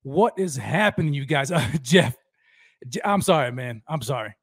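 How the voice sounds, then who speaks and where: A man hosting a fan livestream, energetically shouting out viewers by name and talking about how fired up he is. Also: fairly high pitch, lively intonation, normal speed, no echo, clean studio sound. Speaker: host of a fan livestream show. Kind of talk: energetic live-stream roll call.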